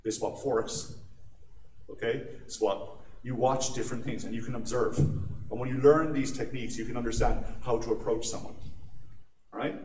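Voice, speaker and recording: A man's voice: medium pitch, steady tone, moderate pace, a little mellow, a little hiss or hum. Joking Irish man in an echoey hall. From Ireland. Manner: jokey and conversational, with frequent "right?" asides. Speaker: conference speaker. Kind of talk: humorous security talk. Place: large conference atrium. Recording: echoey hall, mic at a distance.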